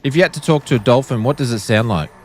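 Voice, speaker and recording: A man's voice: medium pitch, quick pace, slight background noise. An Australian man chatting casually and joking while he streams a flight simulator. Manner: joking, playfully pleading. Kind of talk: casual live-stream chat.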